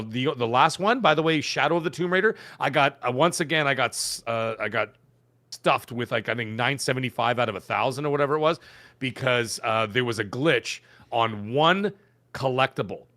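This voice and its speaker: Middle-aged male podcast co-host, rambling and excitable, dry close sound. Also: medium pitch, a little fast, no room sound. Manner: rambling, excitable, lots of fillers. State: hiccups. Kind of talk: casual chat.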